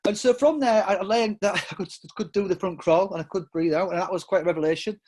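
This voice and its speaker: A fast talker with a high, darkish voice, the middle-aged man from England is a podcast guest in a casual storytelling interview. His delivery rambles, with many restarts, fillers and self-interruptions, and he laughs often.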